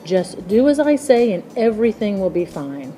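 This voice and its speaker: A woman voicing a calm, know-it-all young female chick who gives instructions in a matter-of-fact way. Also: mid-range voice, normal speed, soft background music, close to an everyday voice.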